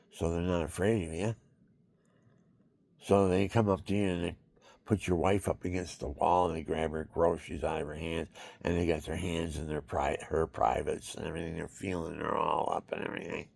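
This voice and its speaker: A man's voice: sits low, steady tone, a little fast, creaky, darkish tone. A man talking in a rambling, repetitive monologue, now and then acting out other people's voices.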